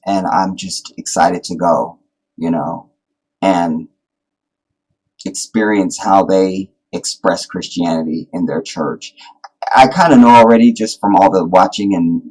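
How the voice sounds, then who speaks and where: A man hosting a casual livestream, talking in an animated, rambling, joking way. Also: sits low, breathy edge, poor audio. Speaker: livestream host.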